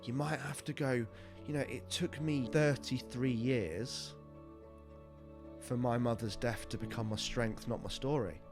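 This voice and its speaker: A man's voice: medium pitch, unhurried, over music. A man, a fitness and mindset coach telling his life story openly in an interview, full of "you know" fillers. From England. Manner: open, reflective, lots of "you know" fillers.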